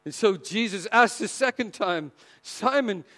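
A man preaching a sermon with passion, swinging between loud emphasis and near-whispered lines. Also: a little high, expressive, slow pace.

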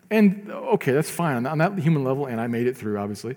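A male pastor preaching a sermon in a conversational way, swinging between quiet asides and loud emphatic stretches. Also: mid-range voice, big pitch swings, quick pace, few pauses, long reverb tail.

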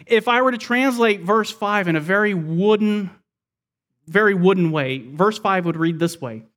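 A man preaching a sermon, working through a scripture passage verse by verse and often dropping his voice low and quiet to close a point. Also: moderate pace. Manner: expository, explains scripture verse by verse. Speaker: pastor.

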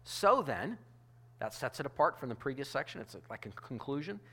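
A man's voice: mid-range voice, very animated, normal speed, sharp tone. A male pastor delivering a sermon in a conversational, emphatic way, often restarting his phrases.

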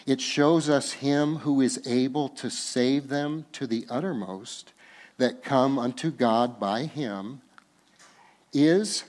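Preaching in a mid-range voice, this male pastor alternates between quiet, unhurried, gentle moments and loud, emphatic outbursts punctuated by laughter.

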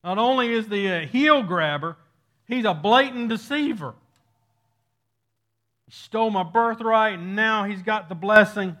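A man's voice: high-pitched, measured pace, pauses often, a bit bright, pitched above the performer's own voice. A male preacher acting out an anguished young man who pleads bitterly, in a raised, strained voice.

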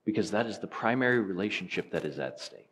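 Man, very low voice, sermon, earnest and emphatic, rhetorical questions. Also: expressive, quick pace, husky. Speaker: preacher.

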